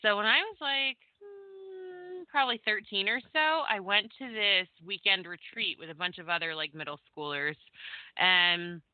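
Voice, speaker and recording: A woman's voice: medium pitch, moderate pace, no echo. A woman from Vermont and New Jersey, a radio guest telling a ghost story with lots of "like" fillers. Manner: chatty, many "like" fillers, acts out her teen self. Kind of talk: casual storytelling on a call-in radio show. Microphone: phone call. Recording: tinny phone line, dry.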